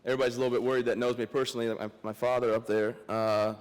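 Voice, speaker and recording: A young man giving a memorial speech as a guest speaker, joking and self-deprecating, halting and emotional, close to tears. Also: mid-range voice, little pitch movement, clear, resonant tone. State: emotional, teary. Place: large memorial hall. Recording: long hall reverb.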